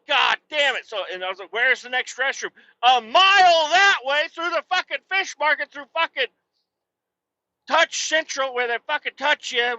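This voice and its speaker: A man with a high, very sharp, piercing voice hosts a podcast and rants through a story, swearing nonstop and working himself up until he is yelling. The recording sounds dull and lo-fi. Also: dry recording. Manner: swears constantly, works himself up into shouting tirades. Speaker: podcast host. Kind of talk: casual profane storytelling rant.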